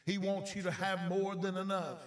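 High-voiced preacher, roomy and distant. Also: male voice, level tone, moderate pace. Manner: exhorting, repetitive, joking asides to listeners. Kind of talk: live broadcast sermon. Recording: roomy sound, mic at a distance.

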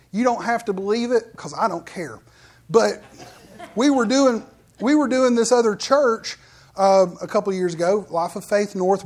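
A man preaching a sermon as pastor, telling stories in quick bursts that trail off quietly at the ends of phrases. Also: sits high.

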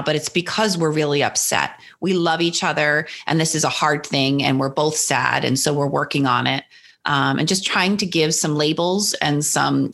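A woman from New Jersey, a guest and author, candidly and reflectively telling a personal story in an interview. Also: deep voice. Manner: reflective, candid, acts out her son's lines brightly.

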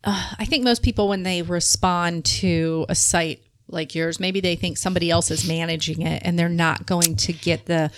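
A woman's voice: fairly low pitch, fairly even intonation, no echo. Encouraging woman podcast co-host. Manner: encouraging, quick affirmations. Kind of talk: casual podcast chat.

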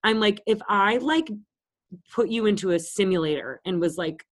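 A woman's voice: medium pitch, lively intonation, normal speed. A woman around thirty, co-hosting a podcast and telling stories in a casual, blunt and profane way. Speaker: podcast co-host. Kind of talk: casual chat.

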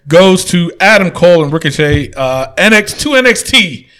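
Male podcast host, casual and jokey, slightly raised pitch. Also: lively intonation, normal speed, fairly bright tone. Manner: laid-back, joking, swears casually. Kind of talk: casual wrestling podcast chat.

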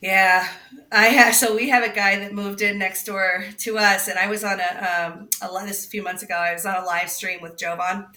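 A woman's voice: mid-range voice, fairly even intonation, moderate pace, bright, forceful tone, roomy sound, far from the mic. A woman talking as a guest reporter in a casual political chat, rambling with restarts and frequent laughs.

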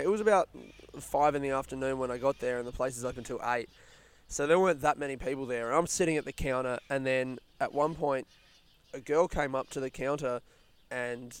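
A young Australian man hosting a casual solo podcast outdoors, rambling through stories in a chatty, rushed way. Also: mid-range voice, smooth. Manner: rambling, chatty, retelling stories with quoted voices. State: yawning, a bit rushed. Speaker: podcast host. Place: outdoors in a smoking area by a housing estate.

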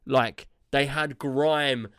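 A man's voice: medium pitch, fairly even intonation, extremely slow, fairly bright tone, smooth, no room sound, clean studio sound. A man, a podcast co-host telling a rambling story in casual chat, tagging his lines with "yeah?" and "like".

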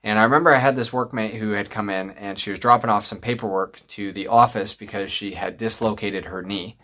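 A young adult man from northern Michigan, preaching a sermon with a personal story, often pausing on "uh" and building emphasis. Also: on the low side, fairly even intonation, pushed and bright. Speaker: pastor.

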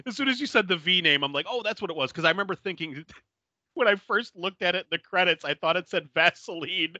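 A man on a podcast, recapping a bad movie in casual chat. His voice is bright and fairly high, and it swings widely as he laughs and acts out the characters. The sound is dry and slightly dull. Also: brisk, dry recording. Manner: laughing often, animated retelling with quoted voices. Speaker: podcast co-host.

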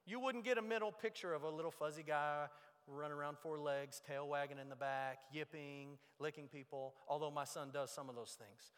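A man preaching a sermon as pastor, moving between loud emphasis and hushed low lines. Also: steady tone, normal speed, clear, resonant tone. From United States. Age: young adult or middle-aged. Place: church sanctuary. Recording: long reverb of a large hall.

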